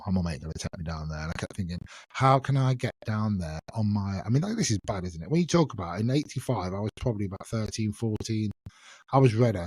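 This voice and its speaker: A man's voice: fairly low pitch, expressive, fast talker, a little mellow, husky, no echo. Chatty middle-aged man. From England. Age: 50s. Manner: chatty, self-mocking, laughs often. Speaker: podcast host. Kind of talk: casual solo chat.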